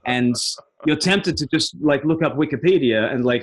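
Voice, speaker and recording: Animated rambling pastor, man. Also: mid-range voice, moderate pace. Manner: animated, rambling, laughs often. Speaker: pastor and evangelist. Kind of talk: casual video-call conversation.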